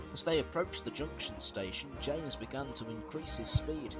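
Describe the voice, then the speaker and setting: Lively male storybook narrator. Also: mid-range voice, normal speed, few pauses, over music, poor audio.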